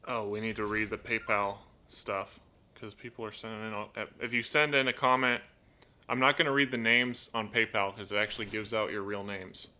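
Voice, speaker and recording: A man hosting a casual live stream from home, chatting in a rambling way, reading viewer comments aloud and talking softly to his pet bird. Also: on the low side, level tone, moderate pace. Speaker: live-stream host and toucan owner. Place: at home indoors.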